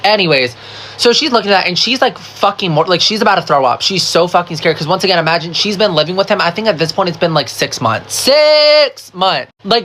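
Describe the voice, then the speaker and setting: Bright, gossipy woman telling a storytime. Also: fairly low pitch, a little hiss or hum. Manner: animated and profane, full of "like" fillers; gossipy, talks straight to the viewer with "girl" and "baby". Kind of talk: casual get-ready-with-me storytime.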